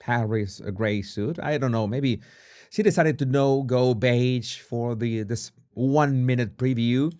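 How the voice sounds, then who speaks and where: Halting, sarcastic male commentator. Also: mid-range voice, darkish tone. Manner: halting and sarcastic, full of restarts. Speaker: body language commentator. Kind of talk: casual video commentary.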